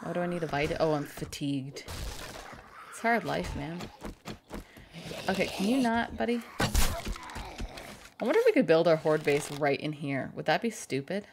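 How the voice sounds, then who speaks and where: A woman whose voice sits low streams a game, chatting casually and making crude jokes with her chat. She's animated at a moderate pace with long pauses, and the background is noisy.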